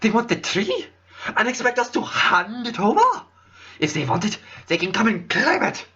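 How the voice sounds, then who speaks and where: Man voicing a snooty rich bird lord, wavering British-French accent, grand manner, husky edge. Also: sits high, big pitch swings, normal speed, pushed and bright, dull audio, voice pushed up, full character voice. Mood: defiant. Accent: shifting British and French put-on. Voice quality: pompous, grandiose. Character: haughty rich young male noble pigeon.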